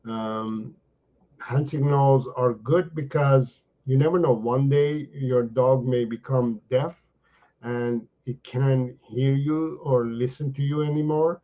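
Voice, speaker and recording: A man's voice: mid-range voice, steady tone, slow, lo-fi sound. A man, a dog trainer, answering viewers live in a chatty way, often repeating words and saying "you know" and "right?". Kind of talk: live-stream Q&A.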